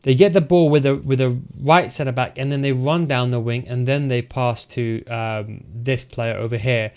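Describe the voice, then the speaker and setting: A video game tactics coach who is losing his voice walks his viewers through tactics step by step in a casual spoken tutorial, addressing them directly. His medium-pitched voice is steady, smooth, and a little mellow, at a moderate pace.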